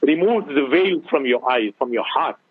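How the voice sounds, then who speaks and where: A man's voice: medium pitch, lively intonation, moderate pace, breathy edge, dry recording. Earnest man preaching over a phone line. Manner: earnest, preaching, mixes Urdu phrases. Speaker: guest Islamic scholar. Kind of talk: radio talk show advice.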